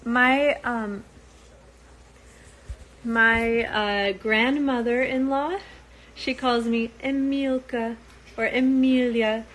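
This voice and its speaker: Slow, chatty young woman. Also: on the high side, a bit bright, a little hiss or hum, low-quality recording. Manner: chatty, loose, with frequent ums and laughs. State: tired. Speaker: reality show cast member talking to viewers. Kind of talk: casual chat with viewers.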